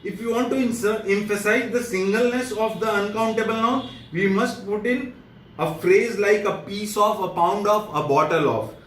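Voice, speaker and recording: A high-voiced man with an Indian English accent teaches grammar, going over each point twice in slow, plain words. He sounds far from the mic in an echoey room, with a faint hiss of noise behind him. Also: fairly bright tone. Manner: repeats and rephrases each point slowly. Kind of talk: classroom grammar lesson.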